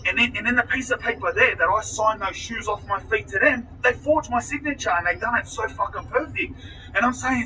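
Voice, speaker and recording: A man's voice: sits high, animated, brisk, bright, forceful tone, far from the mic, a little hiss or hum, poor audio. A man telling a story in casual, profane talk, acting out other people's lines as he goes. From Australia.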